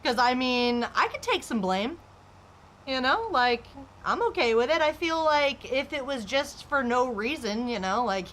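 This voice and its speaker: This live streamer, a young adult woman, chats casually as she games, rambling candidly and filling her speech with "like." Her high-pitched voice has lively intonation, a measured pace, and a somewhat bright quality, with a little hiss or hum.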